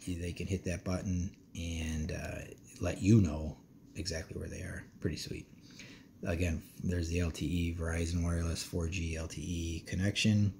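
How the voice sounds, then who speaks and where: With a low, slightly mellow voice over a little hiss or hum, a father gives a casual review of his kid's smartwatch. He meanders in a relaxed way, saying um and uh often.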